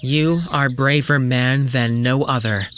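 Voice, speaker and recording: A man's voice: mid-range voice, steady tone, slow, a bit bright, a little hiss or hum. A man putting on an adoring woman. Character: adoring alien woman lover, gushing.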